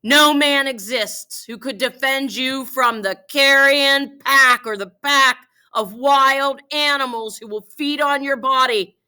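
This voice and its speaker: A woman giving voice to a merciless warrior who taunts a fallen enemy. The lines come slow and scornful, declaimed in a high, bright tone. It is read aloud in a classroom. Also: heavily acted.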